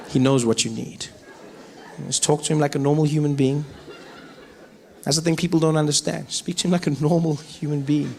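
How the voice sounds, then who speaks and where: A South African man doing stand-up comedy, animated, slipping into acted voices and accents. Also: on the high side. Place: stage. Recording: live stand-up with audience noise.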